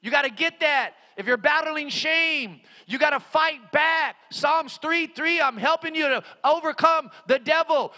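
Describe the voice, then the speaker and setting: High-voiced bright male preacher, reverberant hall. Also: expressive, a little slow. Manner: repetitive, swings between loud and hushed. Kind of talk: sermon.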